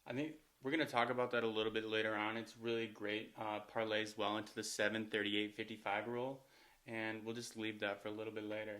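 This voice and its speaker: Young guy co-presenting, low-ish voice, laid back, lots of you knows. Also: fast talker. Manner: relaxed, explanatory, filler-heavy. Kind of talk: casual discussion of course material.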